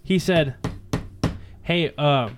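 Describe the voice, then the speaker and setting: Brash, foul-mouthed man, slightly high voice, animated podcast storyteller. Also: extremely slow, noisy background. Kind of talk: casual storytelling chat.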